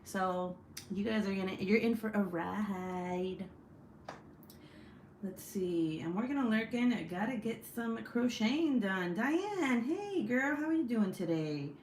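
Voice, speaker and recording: A woman's voice: medium pitch, lively intonation, a little slow, a little mellow, slight background noise. A young woman hosting a casual craft livestream, chatting and reading comments aloud in a rambling, swearing way. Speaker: craft channel host.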